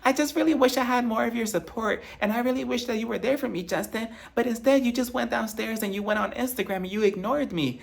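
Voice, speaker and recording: A man doing an exaggerated impression of a bubbly, dramatic reality-TV wife in a high, gushing voice. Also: fast talker, vocal fry, hardly any pauses. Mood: complaining.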